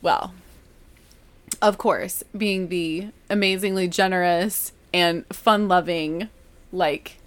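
A woman in her thirties, a mother, telling a personal story in a chatty, animated way and laughing now and then. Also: lowish voice, takes it slowly. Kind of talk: casual storytelling.

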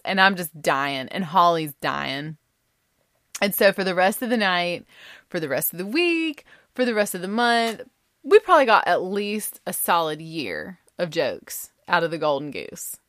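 A woman telling a personal story in a casual, animated way, dropping into hushed asides. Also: on the low side, a little slow, no room sound, clean studio sound. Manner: animated, dramatic, slips into voices and hushed whispers.

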